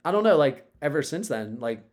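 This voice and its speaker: A man's voice: on the high side, sing-song, brisk, a little mellow. A man in casual chat, telling a story in a laid-back way, swearing often and leaning on "like" and "dude".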